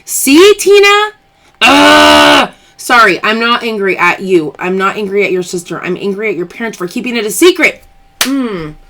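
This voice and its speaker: A woman's voice: mid-range voice, fairly quick, bright, forceful tone. Female live-stream host: chatty, open, emphatic, talking straight to her viewers. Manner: chatty and emphatic, open about personal matters. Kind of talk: live stream chat, answering viewer comments.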